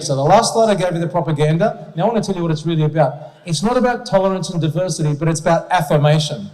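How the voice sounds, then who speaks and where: A man's voice: high-pitched, darkish tone. A man giving an emphatic, rhetorical public speech with slides to an audience at an event, often checking in with "okay?". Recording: long hall reverb.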